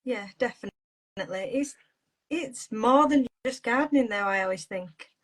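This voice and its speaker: A woman's voice: a little high, moderate pace, poor audio. A woman being interviewed as a podcast guest, talking in a bubbly way and laughing often. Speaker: podcast guest, garden designer. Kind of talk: casual chat.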